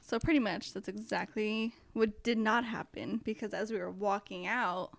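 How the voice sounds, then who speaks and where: A young woman, a podcast guest, telling lively, profane stories in casual chat and acting out her own past lines. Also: mid-range voice, moderate pace, gravelly, no room sound. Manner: animated, swearing storyteller who acts out her own past lines.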